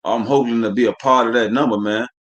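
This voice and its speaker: A man's voice: mid-range voice, fairly even intonation, quick pace. Fiery, cussing preacher man. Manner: heated, profane, preachy, leans on "man" at phrase ends. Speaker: religious teacher. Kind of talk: fiery live-streamed scripture class.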